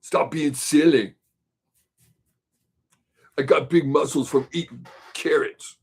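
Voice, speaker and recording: A gruff, musclebound action hero barks short, clipped orders in a thick Germanic accent, as a man puts him on. The voice is pushed louder than normal and sits a bit away from the mic. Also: a little high, fairly even intonation, slow pace, heavily acted. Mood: bossy. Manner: blunt clipped commands.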